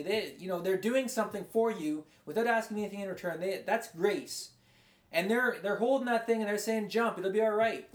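A man giving a conversational, rambling sermon as a pastor, his voice going a bit hoarse. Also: high voice, roomy sound. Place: large room, speaking to a congregation far away.

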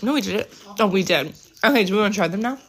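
A woman's voice: medium pitch, lively intonation, fast talker, a bit bright. Girl rambling about her trip, tons of "like", phone mic in a hotel room. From United States. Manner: chatty, rambling, many "like" fillers. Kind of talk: casual travel vlog chat.

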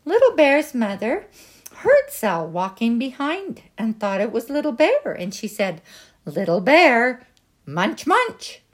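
A woman reads a children's picture book aloud, slowly and gently. Her voice sits a little high and moves a lot. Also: huge pitch swings. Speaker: storybook reader.

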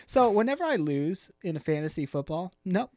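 A laid-back man co-hosting a casual podcast, joking around and dropping easy agreements. His voice sits a little higher than most men's. The sound is close and dry. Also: big pitch swings, normal speed, a little mellow, no room sound. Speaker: podcast co-host. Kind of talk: casual chat.

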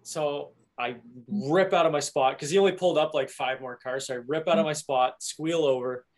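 A young man hosting a casual chat, telling an animated story and laughing at it. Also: on the high side, moderate pace. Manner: animated storyteller, laughs at his own stories.

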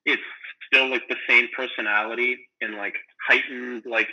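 A man's voice: mid-range voice, fairly even intonation, normal speed, pushed and bright, highs cut off. A young man co-hosting a casual podcast, rambling with lots of fillers and acting out imagined scenes. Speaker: podcast co-host.

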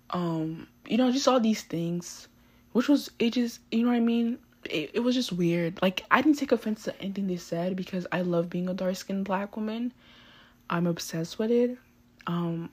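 A teenage girl hosting a podcast, telling a story in a chatty, animated way full of fillers. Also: lowish voice, husky. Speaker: podcast host. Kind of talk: casual storytelling.

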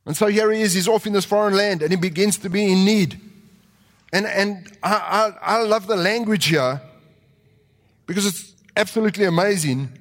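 A man preaching a sermon with animated delivery, acting out quotes and rising to shouts. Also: high voice, normal speed. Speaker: pastor. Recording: long reverb of a large hall.

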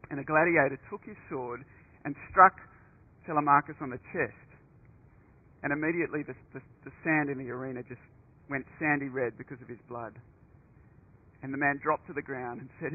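A man's voice: medium pitch, steady tone, normal speed, long pauses. A man preaching a sermon, telling a story in an earnest way, often restarting and repeating words. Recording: narrow phone-like radio broadcast.

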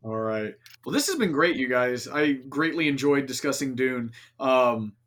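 A man's voice: mid-range voice, animated, normal speed, fairly bright tone. A man hosting a casual podcast, talking in a loose, rambling way full of fillers and restarts. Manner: rambling, filler-heavy, self-interrupting. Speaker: podcast host.

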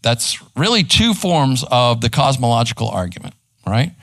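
A man's voice: medium pitch, sing-song, normal speed, a bit bright, dry recording. A man teaching as a pastor in a church, speaking conversationally and often checking in with his listeners with "okay?" and "right?". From Texas. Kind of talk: live church teaching with slides. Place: church room.

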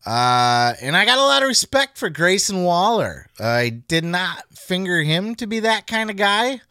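A man's voice: high voice, sing-song, measured pace, pushed and bright, smooth, no room sound, clean studio sound. A man hosting a podcast, talking casually in a heated, profane rant. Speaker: podcast host. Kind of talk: casual chat.

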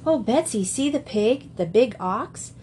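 A woman reading the part of a small girl who exclaims excitedly, in a storybook reading. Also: fairly high pitch, unhurried, a little hiss or hum.

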